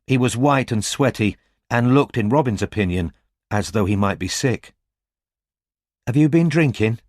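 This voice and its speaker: Male audiobook narrator, low voice, steady reading, dry close sound. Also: normal speed, no echo. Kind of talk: scripted narration.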